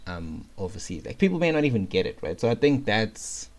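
A man co-hosting a podcast, talking in a measured, laid-back way. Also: on the low side, very animated. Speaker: podcast co-host. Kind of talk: casual podcast chat.

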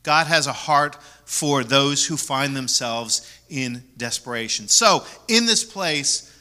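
A man preaching a sermon as pastor, repeating key words for emphasis and moving between loud stresses and soft asides. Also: mid-range voice.

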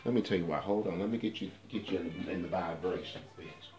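A man's voice: low voice, fast, a little mellow. A man hosting a casual livestream, sassy and swearing freely as he talks straight to his viewers. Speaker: livestream host. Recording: faint music in the background. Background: faint music.

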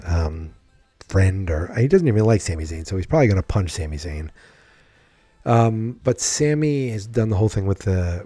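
A man's voice: on the low side, mellow, no room sound. A man giving a rambling, frank solo commentary on wrestling, swearing freely and thinking aloud. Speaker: wrestling podcaster.

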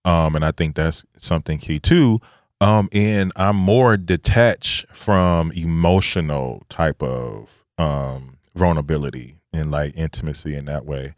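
A man hosting a casual podcast chat, talking in a relaxed, reflective way with many pauses and fillers. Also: a bass voice, no room sound, clean studio sound. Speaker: podcast host.

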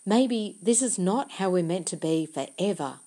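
In a fairly low, mellow voice, a little slow but expressive, a woman performs an audiobook character: an earnest young girl who explains with intense, insistent eagerness.

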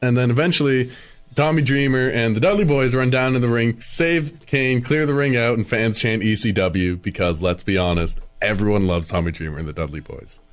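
A man's voice: medium pitch, a little fast. A man co-hosting a podcast in easygoing casual chat, often saying "like" between thoughts. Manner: easygoing, lots of "like" fillers. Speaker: podcast co-host.

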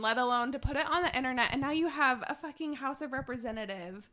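A woman's voice: sits high, quick pace, few pauses, sharp tone. A young woman co-hosting a casual political chat podcast, talking in a chatty way with many fillers and restarts.

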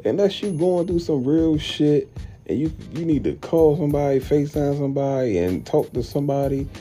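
A young man, hosting a podcast and ranting bluntly and profanely, often jumping into high incredulous tones. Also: lively intonation, moderate pace, warm tone, soft background music. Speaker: podcast host. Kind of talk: casual podcast rant.

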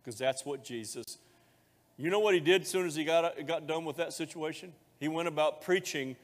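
A male pastor preaching a sermon, moving between loud fervent declarations and quiet, intimate speech, with a folksy, joking touch. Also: on the high side, normal speed. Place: church sanctuary. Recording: long hall reverb of a church.

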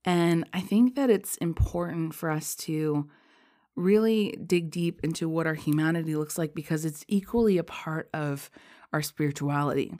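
A woman's voice: sits low, a little mellow. A heavily pregnant woman hosting a spiritual podcast, talking casually and rambling with many fillers and frequent laughs. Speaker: podcast host.

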